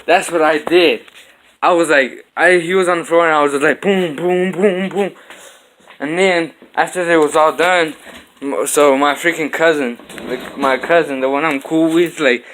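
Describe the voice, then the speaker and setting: A man's voice: a little high, measured pace, fairly bright tone, a little hiss or hum. A young man vlogging from his home kitchen, telling a fight story casually and acting out the punches with sound effects.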